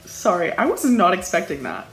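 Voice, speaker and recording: A woman's voice: fairly low pitch, huge pitch swings, moderate pace, vocal fry, reverberant, low-quality recording. A woman reacting to a song with bubbly, chatty commentary.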